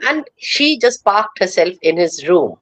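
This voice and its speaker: A woman's voice: lowish voice, very animated, unhurried, fairly bright tone. A woman on a live panel, telling a personal anecdote in a storytelling manner. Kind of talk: casual panel discussion.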